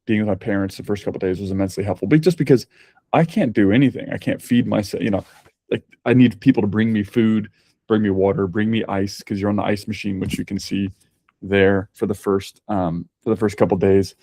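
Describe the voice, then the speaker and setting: A man's voice: lowish voice, fairly even intonation, fairly quick, warm tone, no echo. A man talking as a podcast guest, candid and chatty as he tells his story. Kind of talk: casual conversation.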